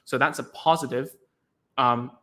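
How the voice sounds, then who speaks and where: A young man talks in a relaxed, rambling way, leaning on "like" between thoughts. His voice is bright and forward, sitting at an ordinary middle pitch for a man. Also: a little slow. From Hong Kong. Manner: chatty, heavy use of "like", acts out sounds and reactions. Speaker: podcast host, former ABA therapist. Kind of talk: casual explanatory talk.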